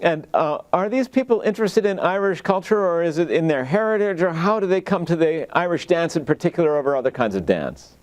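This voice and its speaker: A man hosting a local TV interview, polite and a little hesitant, often pausing with "uh". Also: fairly high pitch, lively intonation. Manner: hesitant, polite, fills gaps with uh. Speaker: host.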